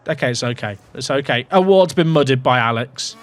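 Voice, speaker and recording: A man giving excitable, jokey commentary while playing a racing management game, swinging between hype and quiet muttering. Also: mid-range voice, moderate pace, hardly any pauses, faint music behind. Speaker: gaming YouTuber.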